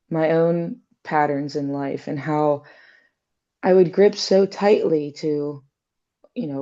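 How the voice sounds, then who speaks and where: A woman's voice: sits low, vocal fry, dark tone, highs cut off. A woman in casual reflective conversation, thinking aloud with many fillers and little acted-out quotes.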